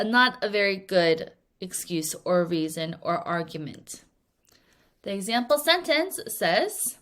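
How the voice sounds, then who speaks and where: A young woman teaching English vocabulary in a recorded lesson. She speaks clearly and acts out little scenes with playful voices. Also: mid-range voice, sharp tone. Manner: clear, deliberate word-by-word teaching delivery.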